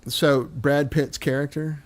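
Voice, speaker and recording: A man's voice: on the high side, steady tone, takes it slowly. Chatty American man from Missouri. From Missouri, United States. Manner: chatty storyteller, acts out voices. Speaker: host. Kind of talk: casual chat.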